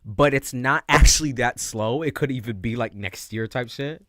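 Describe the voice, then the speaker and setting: A man's voice: mid-range voice, normal speed, fairly bright tone, no room sound, studio quality. A man giving a casual livestream tarot reading, talking in slang, with lots of expression and frequent laughs. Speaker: tarot reader.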